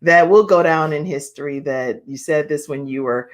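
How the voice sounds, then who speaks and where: A woman with a somewhat low voice hosts an online talk show. She is chatty and encouraging, and she laughs often as she talks with her guests. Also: normal speed.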